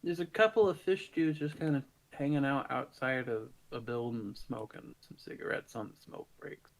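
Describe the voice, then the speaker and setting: A man's voice: mid-range voice, moderate pace, creaky, low-quality recording. A man running a tabletop game as game master, casual and profane.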